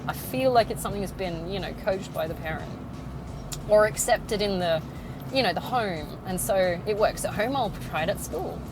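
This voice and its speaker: A woman's voice: mid-range voice, moderate pace, noisy background. A woman hosting a casual podcast from her car, talking bluntly with frequent swearing and laughter. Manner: blunt and sweary, laughs often, mimics others in sing-song voices. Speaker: podcast host. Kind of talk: casual monologue.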